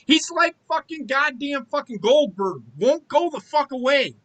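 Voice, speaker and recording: A man's voice: very high-pitched, lively intonation, unhurried, fairly bright tone. A man co-hosting a sports podcast, ranting with heavy profanity in a casual chat. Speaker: podcast co-host.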